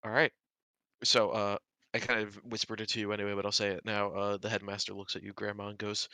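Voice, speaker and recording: A male game master narrates a tabletop game in a relaxed way, with plenty of fillers. His voice is fairly low but bright and forceful. He is recorded close and dry. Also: fast talker, clean tone, no room sound.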